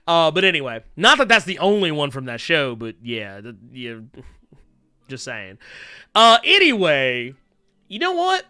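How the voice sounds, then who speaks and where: A man's voice: a little high, huge pitch swings, a little slow, bright, forceful tone, clean tone, no room sound. A man in his thirties hosting a podcast, talking animatedly, laughing and swearing freely. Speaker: podcast host. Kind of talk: casual chat.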